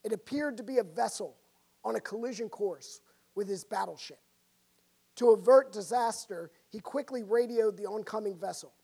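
A woman preaching a sermon, telling a story dramatically and swinging between loud and soft. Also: mid-range voice, moderate pace, gravelly, husky.

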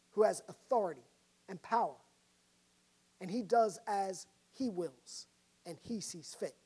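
A woman preaching a sermon, telling a story dramatically and swinging between loud and soft. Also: a little high, breathy edge.

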